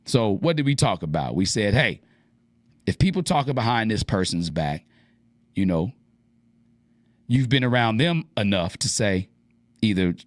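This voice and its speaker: A man's voice: lowish voice, very animated, a little slow, pauses often, dry recording. A man hosting an advice radio show, talking casually and animatedly in slang and acting out the lines he quotes.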